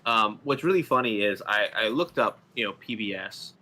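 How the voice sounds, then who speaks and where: A man from the United States co-hosting a casual political commentary show, explaining things in a measured way with frequent ums. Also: lowish voice, expressive, bright, forceful tone. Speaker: podcast co-host.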